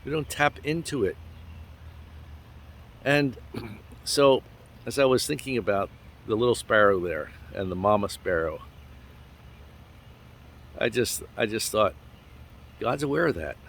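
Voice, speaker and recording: Low-voiced man giving a folksy devotional talk. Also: lively intonation, slight background noise. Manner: gentle, folksy, with pauses and small laughs. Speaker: devotional host. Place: outdoors. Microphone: handheld phone camera.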